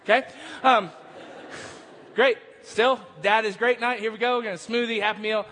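A man's voice: high voice, steady tone, moderate pace, fairly bright tone, slight background noise. A male pastor preaching a sermon, moving from casual storytelling into emphatic preaching. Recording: long hall reverb.

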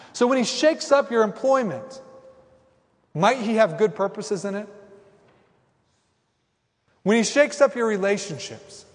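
A man in his thirties, a pastor preaching a sermon in an animated, conversational way with acted asides. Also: sits high. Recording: reverberant hall.

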